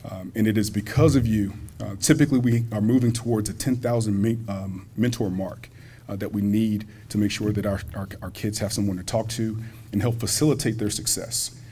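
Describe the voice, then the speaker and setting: A man's voice: fairly low pitch, fairly even intonation, brisk, few pauses, mellow, a little hiss or hum. A man speaking as a college president at a community banquet, folksy and joking, talking directly to the audience. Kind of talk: public speech at a banquet. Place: school hall at a banquet.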